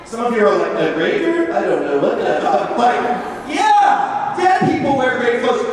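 A man's voice: very high-pitched, a little hiss or hum. A man giving an earnest, conversational sermon to a youth camp, full of casual fillers. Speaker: camp speaker. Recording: echoey hall, heard from far off.

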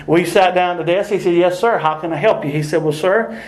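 An older man preaches with an animated, storytelling delivery, laughing often as he acts out the people in his stories. His voice sits high for a man. The sound carries a clear echo from the room. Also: a little fast. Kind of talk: sermon with storytelling.

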